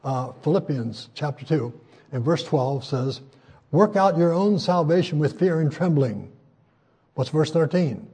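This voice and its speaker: An older man preaches in an easygoing, conversational way, with a voice that sits fairly high. It is soft and husky, with a dark, mellow color. He stops often to hesitate, then lifts his voice when he quotes scripture. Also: expressive, a little slow. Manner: folksy, conversational, frequent hesitations; voice rises when quoting scripture. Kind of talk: sermon.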